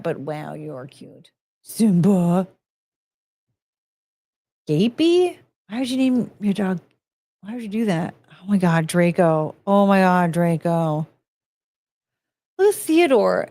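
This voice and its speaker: A woman's voice: mid-range voice, darkish tone, no room sound. A young woman streaming casually, gushing and cooing over pictures of dogs. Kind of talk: casual live-stream chat.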